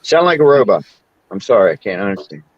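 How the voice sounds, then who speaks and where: A man's voice: on the low side, big pitch swings, fast talker, dry recording, muffled recording. Man in his 60s chatting and laughing, bouncy voice, dry close sound. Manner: rambling storyteller, laughs often. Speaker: podcast host. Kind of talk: casual chat.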